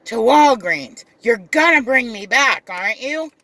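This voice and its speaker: A driver mimicking a shrill, pushy woman passenger. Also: animated, measured pace, sharp tone, no echo, recorded from a distance. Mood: demanding. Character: impatient, demanding woman passenger who yells.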